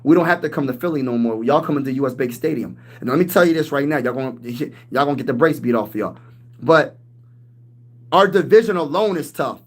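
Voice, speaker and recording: A man's voice: medium pitch, lively intonation, fairly quick. A man in his thirties hosting a casual live-stream sports talk show, hyped and slangy as he reads and answers chat. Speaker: sports channel host.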